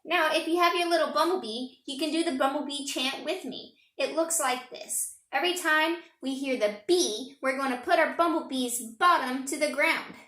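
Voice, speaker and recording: High-voiced upbeat woman music teacher. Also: normal speed, few pauses, pushed and bright. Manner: upbeat, encouraging, chanting spelled letters. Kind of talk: online children's lesson. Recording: roomy and noisy home recording.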